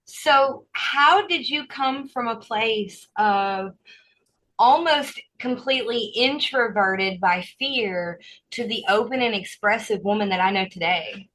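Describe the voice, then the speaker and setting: A woman hosting a podcast interview, asking her guest measured, thoughtful questions. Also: on the high side, bright, forceful tone, poor audio. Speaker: podcast host.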